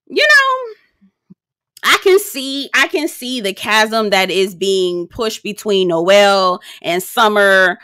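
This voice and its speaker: A woman, sassy and animated, recapping a reality show in a casual vlog, swearing freely. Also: slow, hardly any pauses, clear, resonant tone, no room sound, studio quality. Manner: sassy, animated, swears freely, slips into high-pitched impressions.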